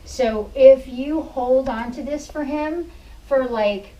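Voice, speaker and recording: A woman's voice: high-pitched, slow pace, dark tone, recorded from a distance, muffled recording. A woman dog trainer explaining puppy care to a client in a patient, explanatory way, often cooing praise at the dog. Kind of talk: hands-on training lesson.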